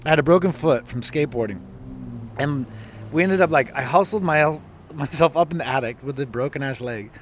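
A man co-hosting a podcast, telling an animated story in casual chat with lots of swearing. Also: on the high side, a little fast, a little hiss or hum. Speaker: podcast co-host.

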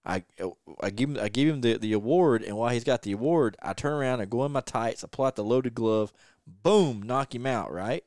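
A man hosting a podcast, an ex-wrestler telling stories in a lively, anecdotal way. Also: medium pitch, brisk, no room sound, clean studio sound. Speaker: podcast host and former wrestler. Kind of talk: casual storytelling interview.

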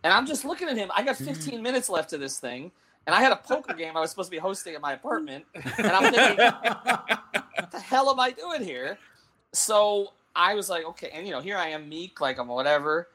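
A middle-aged man telling a long anecdote in casual talk-show chat, animated and laughing, with many restarts. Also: sits high, quick pace. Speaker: sports columnist and show host.

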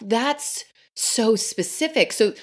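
A woman hosting a podcast interview, reacting with quick exclamations and asking questions. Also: on the high side, lively intonation. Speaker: podcast host. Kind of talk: casual interview.

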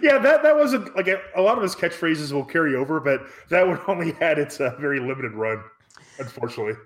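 A young man co-hosting a podcast, talking in a relaxed, wry way with lots of fillers. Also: on the high side, fast. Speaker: podcast co-host. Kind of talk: casual chat.

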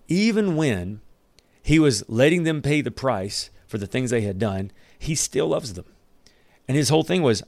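A man's voice: mid-range voice, expressive, normal speed, gravelly, darkish tone, no echo. Man, casual Bible teacher, reads verses and cracks jokes, mid-range voice, dry close recording. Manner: conversational, with joking asides and chuckles.

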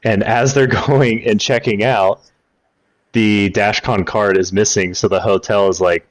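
Male podcast co-host, very low voice, dry storytelling recap. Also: steady tone, unhurried. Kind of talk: casual podcast chat.

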